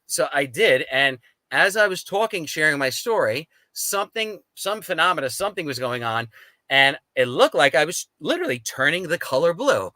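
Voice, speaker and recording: A man's voice: mid-range voice, normal speed, no echo, low-quality recording. A man, a guest on a talk show, telling his story casually and animatedly, acting out the people he quotes. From United States. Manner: animated, acts out quoted dialogue.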